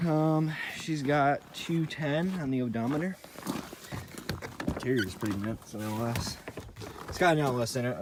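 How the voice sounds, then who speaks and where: A young man filming a casual car vlog outdoors in the cold, talking in a rambling, offhand way. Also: mid-range voice. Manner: rambling, offhand, fills pauses. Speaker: car video maker. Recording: loud outdoor engine noise. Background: idling engine noise.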